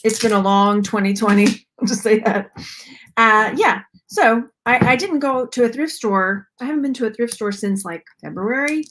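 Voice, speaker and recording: A woman with a Southern drawl talks to her live chat in a loose, rambling way, stopping to greet viewers by name. Her voice sits a little high for a woman. It is a casual, unscripted stream. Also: normal speed, a bit bright. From Texas. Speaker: YouTube host.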